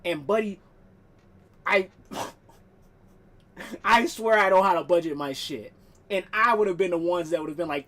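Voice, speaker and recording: A woman's voice: medium pitch, lively intonation, measured pace. A woman gaming streamer talking casually on stream, ranting in a profane, emphatic and exasperated way.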